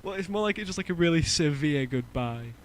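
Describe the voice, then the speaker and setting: A man's voice: on the high side, expressive, brisk, a little hiss or hum, low-quality recording. Rambling man chatting on a call. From Germany. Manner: rambling, lots of fillers and restarts, laughs often. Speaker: podcast co-host. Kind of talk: casual group chat.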